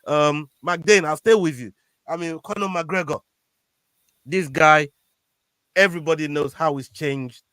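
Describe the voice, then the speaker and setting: A man co-hosting a casual fight-sports podcast, talking in an animated way that often stammers and restarts when he gets worked up. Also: a little high, unhurried, pauses often, clear, resonant tone, no room sound, studio quality. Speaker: podcast co-host. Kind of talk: casual MMA chat.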